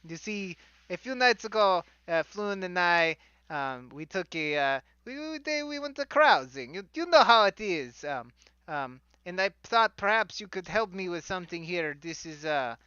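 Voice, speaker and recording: A pompous wizard author trips over his own flowery sentences, stammering as he boasts, played by a man. The voice sits high and bright. It comes through a dull, lo-fi call line. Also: animated, normal speed, smooth, dry recording. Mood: fussy. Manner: stammering, flowery and self-important. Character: flustered pompous male celebrity wizard author.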